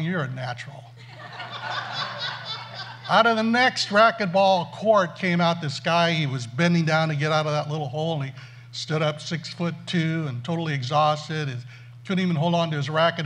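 A man tells a funny story from the pulpit and pokes fun at himself. He keeps it animated, and his voice sits a little high and swings widely. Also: normal speed. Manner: animated, self-mocking storyteller. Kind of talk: storytelling sermon.

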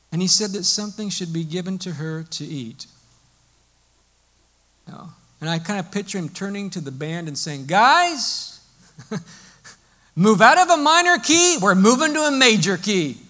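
A male pastor preaching a sermon in a lively, storytelling way, explaining as he goes. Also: sits high.

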